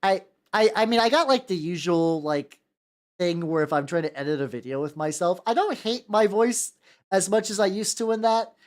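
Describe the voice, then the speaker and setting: This young man from the United States runs a laid-back painting stream, speaking at a moderate pace in a high, animated voice. His talk is rambly and full of stammered restarts and repeated words, with frequent laughter and sudden topic changes.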